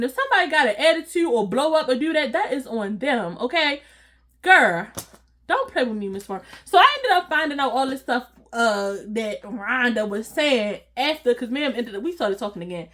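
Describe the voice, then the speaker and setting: A woman vlogger telling a casual storytime, animated and slangy, acting out what people said and laughing often. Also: on the high side, normal speed. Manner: animated, slangy, acts out quoted voices.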